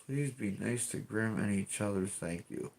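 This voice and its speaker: Low-voiced rambling streamer man. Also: normal speed, creaky, darkish tone. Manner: rambling, profane, restarts often. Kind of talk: casual live-stream chat.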